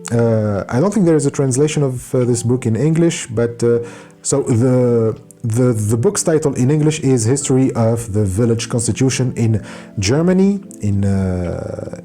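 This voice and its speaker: A man's voice: mid-range voice, warm tone. A man reviewing a book in an unscripted explanatory talk, hesitant, with frequent fillers and self-corrections.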